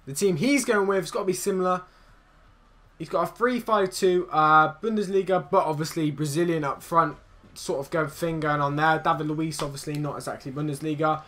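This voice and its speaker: Excitable young gamer commentating. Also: male voice, high-pitched. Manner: excitable, swearing, teasing banter. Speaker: gaming YouTuber. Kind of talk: live gameplay commentary.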